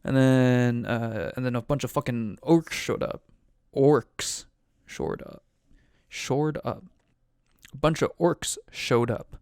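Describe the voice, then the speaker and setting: A man's voice: medium pitch, takes it slowly, a little mellow, smooth, dry recording, studio quality. A man acting as game master, giving a rambling, profane, offhand recap of a tabletop game.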